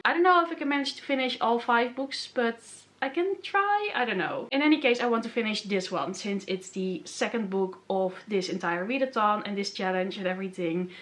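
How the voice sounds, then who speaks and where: A young woman casually vlogging about her reading, chatty and gushing with excitement. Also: mid-range voice. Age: young adult. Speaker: book vlogger.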